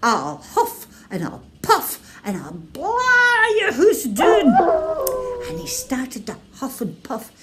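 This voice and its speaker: Expressive Scottish woman telling a story. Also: high-pitched. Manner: expressive, drawn-out and playful. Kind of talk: storytelling for children.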